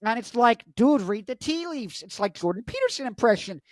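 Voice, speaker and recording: A man's voice: very high-pitched, very animated, fairly quick, dry recording, studio quality, voice pushed up. A man doing a comic impression of a male pundit and lecturer, asking emphatic rhetorical questions in a raised, strained voice.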